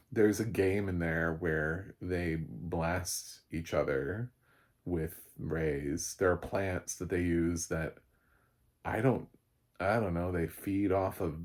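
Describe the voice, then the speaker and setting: Low-voiced male critic, husky, rambling and wry. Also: darkish tone. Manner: rambling, sarcastic, trails off. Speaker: film critic. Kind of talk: casual comedic review monologue.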